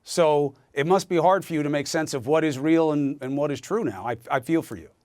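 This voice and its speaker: A man's voice: fairly quick, no echo. Needling male TV host, dry sound. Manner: needling, mock-sympathetic, drops to a soft low voice. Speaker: TV news host. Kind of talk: TV interview banter.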